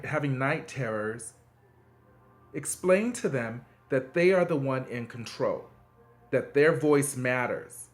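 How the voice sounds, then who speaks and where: A man hosting a video, giving parenting advice in a casual, earnest monologue with frequent fillers and emphatic turns. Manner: conversational, frequent fillers and restarts; earnest and encouraging, emphatic swings in pitch.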